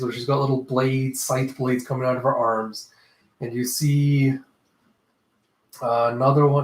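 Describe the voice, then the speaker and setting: A man casually reviewing a comic chapter, rambling and correcting himself as he goes. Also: mid-range voice. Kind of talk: casual reaction commentary. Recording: echoey room.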